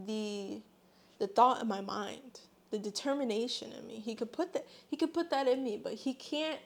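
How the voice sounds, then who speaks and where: A pregnant young woman talking earnestly and from the heart in a personal vlog, her words full of faith. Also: fairly high pitch. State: eight months pregnant. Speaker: vlogger.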